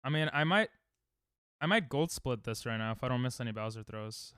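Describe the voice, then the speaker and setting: A man's voice: mid-range voice, lively intonation, fairly quick, fairly bright tone, clear, resonant tone, dry recording, clean studio sound. A young man casually chatting with viewers during a livestream, rambling and self-deprecating, often restarting his sentences. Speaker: streamer. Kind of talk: casual livestream chat while speedrunning.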